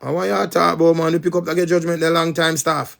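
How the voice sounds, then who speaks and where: A man's voice: a little high, level tone, fast, gravelly, a bit bright. A man with a Jamaican accent, preaching as a spiritual teacher in an emphatic, repetitive patois-laced monologue.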